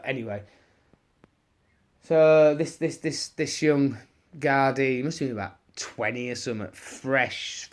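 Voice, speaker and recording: A man with an English accent answering questions and telling a rambling anecdote, full of restarts and slang. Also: medium pitch. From England. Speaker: person answering audience questions. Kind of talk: casual Q&A storytelling.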